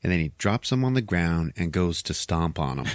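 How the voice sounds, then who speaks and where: A podcast host recapping a movie in a profane, chuckling, animated way. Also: male voice, sits low, normal speed, smooth, dry recording, clean studio sound.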